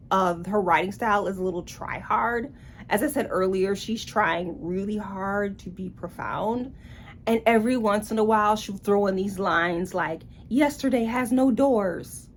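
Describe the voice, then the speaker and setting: A woman's voice: medium pitch, a little hiss or hum. A woman giving a casual book review in a blunt, sarcastic way.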